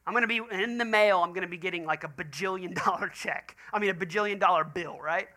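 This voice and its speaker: A man's voice: sits high, quick pace. A man, a pastor preaching a sermon and telling stories in acted quoted voices. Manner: animated storytelling with quoted voices.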